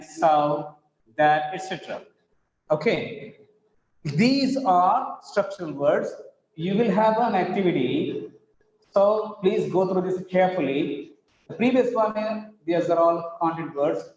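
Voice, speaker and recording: A man with an Indian English accent teaching an online English class, drilling words slowly and with emphasis. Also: on the high side, a little mellow. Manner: slow, emphatic word-by-word drilling. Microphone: video call. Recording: roomy, dull online class audio.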